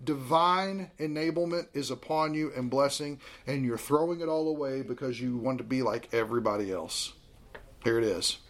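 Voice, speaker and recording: A man in his thirties teaching a Bible class in a conversational, animated way. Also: medium pitch, moderate pace.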